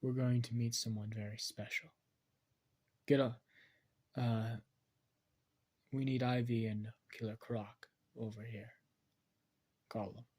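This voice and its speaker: Guy putting on a menacing grinning clown villain, gleeful, slow and raspy. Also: mid-range voice, flat delivery, a little mellow. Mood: commanding. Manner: taunting, gleeful. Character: grinning, menacing male crime boss clown.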